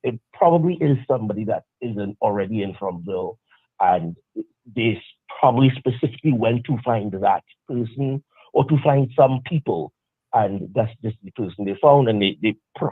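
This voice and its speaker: Caller on a tinny phone line. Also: male voice, fairly low pitch, husky, no echo. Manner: animated, rambling with restarts. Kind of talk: casual call-in chat. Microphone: phone call.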